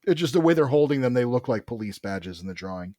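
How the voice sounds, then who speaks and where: A man's voice: medium pitch, lively intonation, fast, warm tone, no room sound, studio quality. A man co-hosting a casual comic book podcast, retelling scenes and reading the characters' dialogue aloud. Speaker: podcast co-host. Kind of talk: casual chat.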